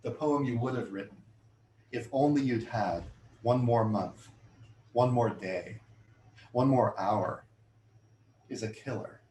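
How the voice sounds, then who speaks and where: A middle-aged man reading his own poems to an audience in a bookshop, measured and deliberate, with chatty, self-amused asides between poems. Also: mid-range voice, mellow. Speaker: poet giving a reading. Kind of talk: poetry reading with spoken asides. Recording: roomy hall sound, faint room noise.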